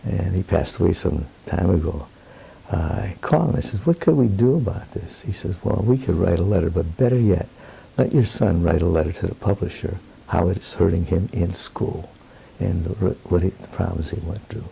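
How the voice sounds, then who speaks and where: A man's voice: low-pitched, normal speed, creaky, mellow, a little hiss or hum. An older man being interviewed, telling a personal story in an earnest, plainspoken way with rambling asides. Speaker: interviewee, Roma advocate.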